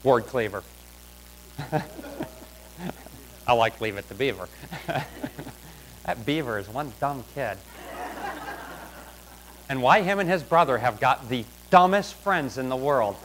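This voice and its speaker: A man preaching a sermon, emphatic and swinging between loud exhortation and quiet, hushed asides. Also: medium pitch, slight background noise, rough recording. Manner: emphatic, drops to a hush for asides.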